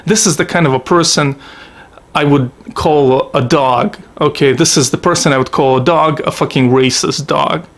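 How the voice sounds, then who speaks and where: Vlogger from Russia, slightly high voice, swears freely, rambling personal storytelling. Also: male voice, normal speed. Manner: profane, blunt, digressive. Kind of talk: casual storytelling monologue.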